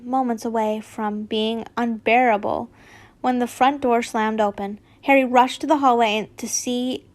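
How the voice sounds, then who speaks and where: A woman's voice: a little high, darkish tone. A woman reading fanfiction aloud, unpolished, stumbling and correcting herself with chatty asides. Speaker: fanfiction reader.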